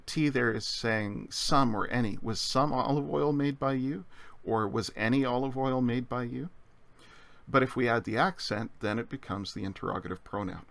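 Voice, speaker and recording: A man teaching Greek vocabulary in a measured lecture, explaining slowly with frequent pauses and fillers. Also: medium pitch, gravelly, fairly bright tone, no room sound. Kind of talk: recorded lecture.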